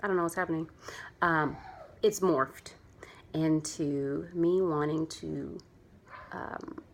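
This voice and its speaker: A woman's voice: sits low, steady tone, takes it slowly. A chatty, earnest young adult woman talking casually in a heartfelt vlog, rambling a little as she explains why she sells clothing. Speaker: vlogger and clothing seller.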